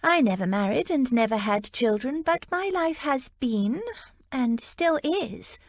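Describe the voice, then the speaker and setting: A woman voicing a placid, cheerful elderly spinster aunt in an audiobook, gentle and chatty. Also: high voice, lively intonation, measured pace, dry recording, voice pushed up, full character voice.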